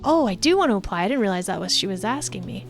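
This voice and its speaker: A woman's voice: mid-range voice, expressive, racing, over music. A woman streaming a story game live, chatting and reading the game text aloud.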